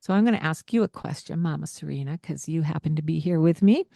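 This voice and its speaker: A woman's voice: sits low, fast talker, creaky, mellow, no room sound, studio quality. A woman co-hosting a parenting podcast, talking earnestly and explaining things, with light laughs along the way. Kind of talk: casual podcast chat.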